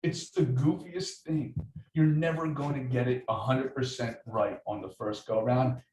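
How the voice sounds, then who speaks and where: A man's voice: medium pitch, steady tone, normal speed, darkish tone. A man leading a group training session, upbeat and coaching, asking the room for input. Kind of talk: lively group training talk. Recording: roomy echo, distant mic, faint noise.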